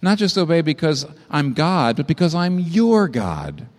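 A man preaching a sermon, impassioned, climbing to high emphatic peaks and then dropping low. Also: wildly swooping pitch, a little slow, in a large hall.

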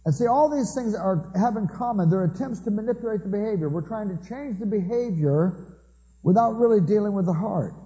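A man's voice: high-pitched, lively intonation, a little fast, mellow. Man preaching with dry humor, reverberant hall. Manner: humorous storytelling with asides. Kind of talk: conversational sermon. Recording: dull recording with long hall reverb.

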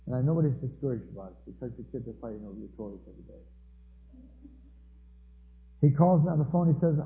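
Storytelling man preaching, dark muffled voice. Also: medium pitch, lively intonation, quick pace. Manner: storytelling, acts out quoted voices. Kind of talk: sermon with anecdotes.

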